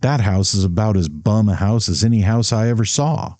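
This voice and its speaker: Proud brusque young man, low dark voice, lecturing tone, read by a man. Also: normal speed, no room sound, lightly acted. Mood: scornful. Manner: haughty, blunt, lecturing.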